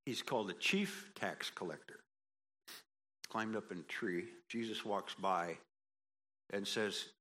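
A man preaching a sermon, animated and folksy, acting out quoted voices and building to emphatic peaks. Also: lowish voice, slow, pauses often. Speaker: pastor.

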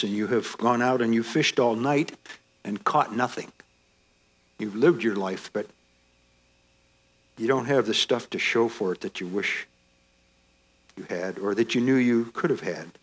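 A man's voice: lowish voice, measured pace, pauses often, breathy edge. A man preaching a sermon, speaking straight to his listeners with repeated rhetorical questions. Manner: earnest, direct address with rhetorical questions.

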